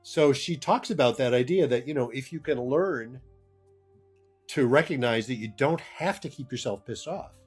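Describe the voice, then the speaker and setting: A man's voice: medium pitch, moderate pace, husky, soft background music. A man speaking as a therapist guest, explaining ideas earnestly in conversation and laughing between points.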